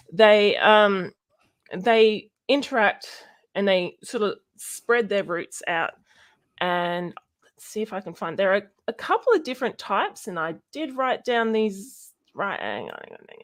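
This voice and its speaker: A woman's voice: mid-range voice, a bit bright. A young woman with an Australian accent, chatting casually on a livestream about science and rambling with many fillers. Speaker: streamer.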